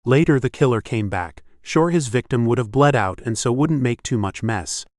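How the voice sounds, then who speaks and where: A man reading an audiobook in scripted narration, steady and measured. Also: mid-range voice, no echo, studio quality.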